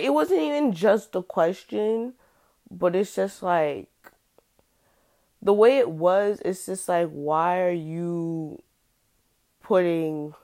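Young adult woman, deep-set voice, unhurried and halting, recounting something personal in a casual tone. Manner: halting, hesitant, many fillers and restarts.

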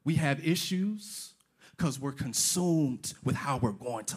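A man's voice: mid-range voice, expressive, takes it slowly, darkish tone, slightly rough. A pastor preaching a sermon, emphatic and repetitive, firing off rhetorical questions and slipping casual slang into his preaching.

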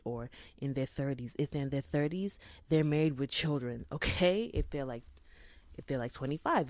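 A woman podcast host telling a story in a chatty, animated way, sometimes dropping into hushed asides. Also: very deep voice, no echo. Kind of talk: casual storytelling monologue.

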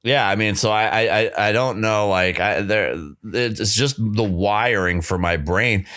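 A man co-hosting a podcast in casual chat, halting with many restarts and self-deprecating asides. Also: lowish voice, fairly bright tone, no room sound, studio quality. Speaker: podcast co-host.

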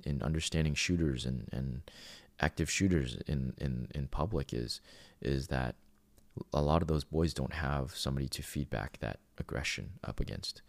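A man's voice: rumbling low, creaky, dry recording. A man hosting a podcast, talking in an earnest, heartfelt, reflective monologue. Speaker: podcast host.

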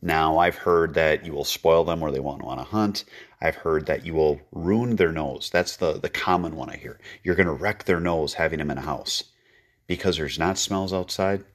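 Deep-voiced man giving dog-training tips. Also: normal speed. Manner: practical, instructive, folksy. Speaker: podcast host, dog trainer. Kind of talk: training tip segment.

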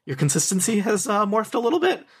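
A man's voice: high voice, big pitch swings, fast, slightly rough. A man running a tabletop game as game master, talking in a hesitant, friendly way with many fillers.

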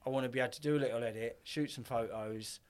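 A man's voice: medium pitch, steady tone, fast, darkish tone, clean tone. A man, a podcast guest telling rambling stories in casual chat, swearing and acting out what others said. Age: 50s. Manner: rambling, swears, acts out quotes.

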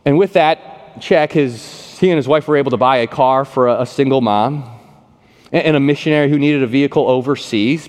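A man preaching a sermon, telling a story in a conversational, animated way and often repeating words. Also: mid-range voice. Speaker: pastor. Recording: long reverb of a large hall.

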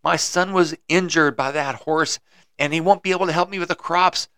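A man's voice: fairly high pitch, steady tone, normal speed, fairly bright tone, smooth, dry recording, studio quality, pitched above the performer's own voice. A man telling a story on a podcast, voicing a worked-up farmer who pleads in raised outbursts. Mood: distraught. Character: distraught middle-aged male farmer, excitable and quick to despair.

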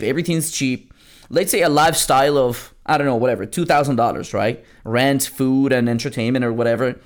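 A man hosting a motivational podcast on network marketing, talking bluntly and casually, swearing now and then and repeating lines for punch. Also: mid-range voice.

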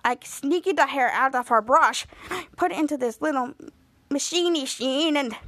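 A woman hosting a podcast, casually retelling a TV episode in a lively way and acting out the characters' lines as she goes. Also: high voice, normal speed, no echo. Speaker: podcast host.

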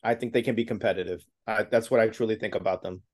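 A man's voice: lowish voice, fairly even intonation, quick pace, a little mellow. A man co-hosting a casual sports podcast, giving earnest opinions and often repeating words as he restarts. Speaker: podcast co-host.

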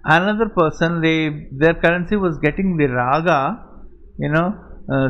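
A man's voice: a little high, a little slow, muffled recording. A man giving a lecture and answering student questions, telling stories with lots of fillers and rhetorical questions. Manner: animated storytelling, many fillers, rhetorical questions. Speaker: guest speaker.

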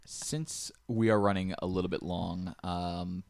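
A man's voice: low voice, measured pace, vocal fry, clean tone, no room sound. A man co-hosting a gaming podcast, chatting casually with many fillers and restarts. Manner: relaxed, rambling, many fillers. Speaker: podcast co-host.

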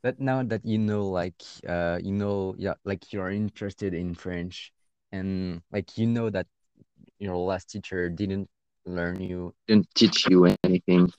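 A man in casual chat, speaking hesitantly with many pauses and restarts. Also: low-pitched, fairly even intonation, smooth, no room sound, highs cut off.

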